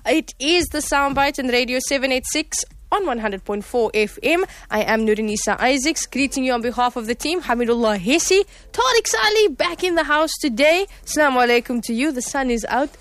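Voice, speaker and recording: A woman's voice: sits high, expressive, fairly quick, hardly any pauses, no echo. A South African woman hosting a radio show in a studio, cheerful and chatty, laughing now and then. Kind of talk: casual radio chat.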